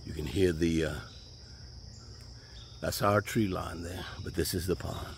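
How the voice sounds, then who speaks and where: A man's voice: sits low, fairly even intonation, unhurried. A man giving a folksy, conversational tour of his land while walking outdoors by a pond. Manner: folksy, conversational, Southern US speech. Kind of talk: casual walking video tour. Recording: faint outdoor noise. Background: birds and insects.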